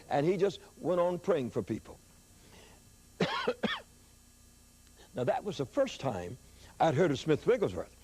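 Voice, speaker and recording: An older man preaching, telling a story in an animated sermon style with excited rises in his voice. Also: moderate pace, pauses often. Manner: animated storyteller, rising pitch when excited.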